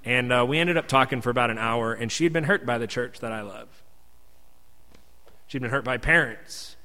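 A man's voice: mid-range voice, pushed and bright, long reverb tail. Earnest man telling a story in church. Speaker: pastor. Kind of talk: storytelling sermon. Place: church sanctuary.

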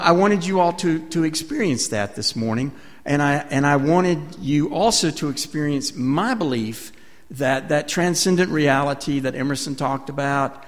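A male minister leading a sermon dialogue in a halting, reflective way, with many fillers. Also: medium pitch, big-room sound. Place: church sanctuary.

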